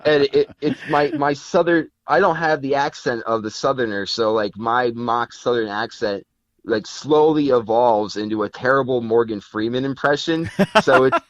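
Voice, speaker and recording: A man's voice: medium pitch, normal speed, no echo. A man from Connecticut chatting as a podcast guest, rambling with many fillers and restarts. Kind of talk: casual interview chat. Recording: dull lo-fi sound.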